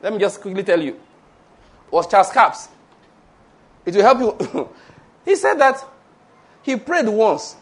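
High-voiced, animated preacher man. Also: slow pace, pauses often. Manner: animated and playful, laughs often, leads the audience in repeated phrases. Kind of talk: sermon.

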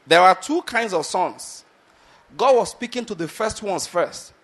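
A man's voice: high voice, expressive, a little slow, a bit bright. A man preaching a sermon on a Bible story, often asking his listeners whether they are getting his point and acting out the characters' words. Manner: repeatedly asks the audience if they get the point; acts out Bible characters' lines with shifts in pace.

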